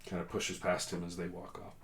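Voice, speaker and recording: A man narrating as game master in a relaxed, rambling way with many filler sounds. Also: low-pitched, fairly quick, a little hiss or hum.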